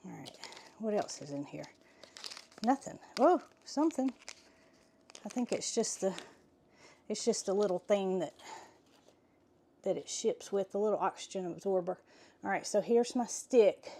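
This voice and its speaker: A middle-aged woman, chatting excitedly to viewers in a vlog while walking in a pasture, a little out of breath. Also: mid-range voice, normal speed, vocal fry, pauses often, slight background noise. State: slightly out of breath. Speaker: farm vlogger. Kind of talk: casual vlog narration. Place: outdoors in a pasture.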